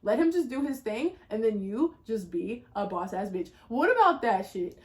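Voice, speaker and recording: Animated, cursing woman telling a story. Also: normal speed. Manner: animated, profane, swings from low muttering to loud exclaiming; slangy, casual. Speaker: storyteller vlogger. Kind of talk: casual storytime.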